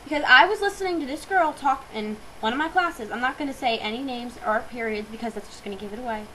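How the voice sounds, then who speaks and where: A woman's voice: fairly high pitch, fast talker, sharp tone, a little hiss or hum, rough recording. A teenage girl ranting into her webcam in a fired-up vlog, with lots of fillers and hesitations. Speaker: vlogger.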